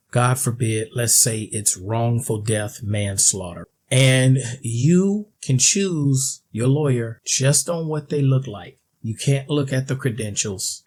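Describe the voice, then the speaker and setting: A man's voice: mid-range voice, a little mellow, a little hiss or hum. A man ranting in a video commentary, blunt and sarcastic, with a mocking edge.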